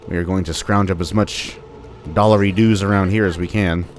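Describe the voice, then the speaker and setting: A man's voice: low-pitched, fairly even intonation, a little fast. A young man giving casual, joking commentary while playing a video game, chatting to the enemies on screen. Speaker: gameplay commentator. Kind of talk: casual let's-play commentary.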